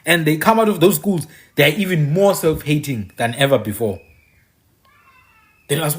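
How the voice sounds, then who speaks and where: A man's voice: a little high, moderate pace, pauses often. A man giving an impassioned monologue, repeating his phrases for emphasis and dropping mocking asides. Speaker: commentator.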